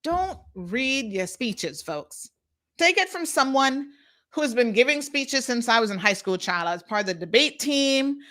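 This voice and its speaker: An outspoken woman hosts unscripted live commentary, talking straight to her viewers. Her voice sits a little high and sounds bright and forceful. She is emphatic and reads viewer comments as she goes. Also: big pitch swings, measured pace. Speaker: host of a talk show.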